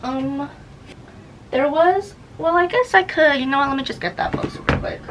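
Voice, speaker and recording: A woman's voice: high voice, moderate pace, noisy background. A young woman chatting casually as a book vlogger, rambling and sidetracked while she films herself on camera. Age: young adult. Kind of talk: casual vlog chat. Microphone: camera facing her, self-filmed.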